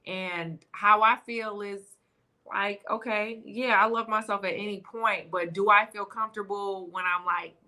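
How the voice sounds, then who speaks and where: A woman's voice: mid-range voice, steady tone, measured pace, pushed and bright. A woman guest on a podcast, talking in casual chat in an earnest, reflective way.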